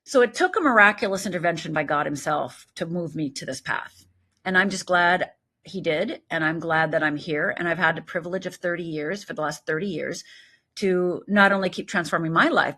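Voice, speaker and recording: Sixties woman guest, slightly husky, lively storyteller who keeps checking in with the listener. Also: fairly low pitch, fairly quick. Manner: animated, tags thoughts with "right?". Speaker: guest life coach. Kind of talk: conversational interview storytelling.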